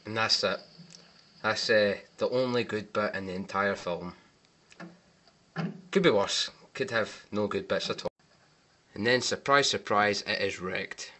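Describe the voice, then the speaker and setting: A man's voice: on the low side, a little slow, long pauses, sharp tone. A man giving casual, wry commentary on film mistakes over clips, with sarcastic asides. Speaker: movie mistake reviewer.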